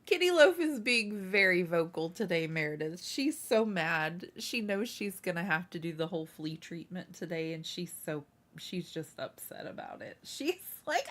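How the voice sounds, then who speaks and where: A woman's voice: fairly low pitch, very animated, normal speed, few pauses, fairly bright tone. A woman hosting a casual craft livestream, chatting with viewers and scolding her cat. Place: home room.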